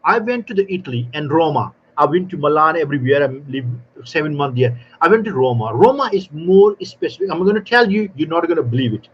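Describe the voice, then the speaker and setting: High-voiced animated man on lo-fi audio. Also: a little fast, hardly any pauses, breathy edge. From South Africa. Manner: animated storyteller, non-native grammar, acts out dialogue. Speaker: barista trainer guest. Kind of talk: live panel talk.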